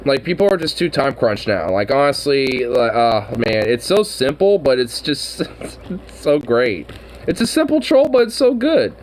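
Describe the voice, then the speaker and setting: A man's voice: medium pitch, unhurried, poor audio. Man, casual chat, rambling, frequent laughter, swearing, faint background hiss. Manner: laughs often, swears, rambling excited riffing.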